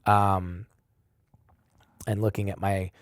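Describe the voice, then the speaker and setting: Male podcast guest, lowish voice, profane and animated storyteller, dry sound. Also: slow pace, dry recording. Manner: animated, swings between loud and quiet. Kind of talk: emotional personal storytelling.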